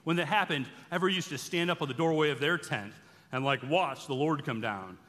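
Bright-voiced man preaching in a reverberant hall. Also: on the high side, quick pace. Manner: animated storytelling, acting out the characters' quoted lines. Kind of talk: sermon-style bible teaching. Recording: long reverb from a large hall.

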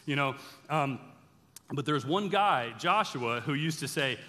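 A man giving an animated sermon-style bible teaching, telling the stories casually and acting out the characters' lines. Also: a little high, a little slow. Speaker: preacher. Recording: long reverb from a large hall.

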